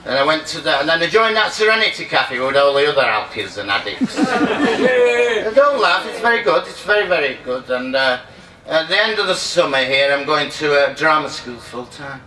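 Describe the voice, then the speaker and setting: Very animated and a bit high-pitched, this man speaks at a normal speed during a live stand-up set before an audience at a treatment centre reunion. He rambles, loses his place, and trades banter with the crowd, captured by a distant mic in an echoey hall full of loud crowd noise.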